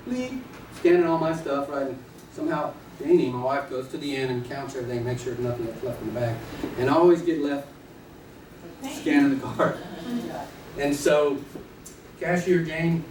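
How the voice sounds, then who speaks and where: A man teaching a live class of real estate agents, playful and energetic, acting out little scenes and quizzing the audience. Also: medium pitch, moderate pace, long pauses. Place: training room with an audience. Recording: echoey room, distant mic, noisy.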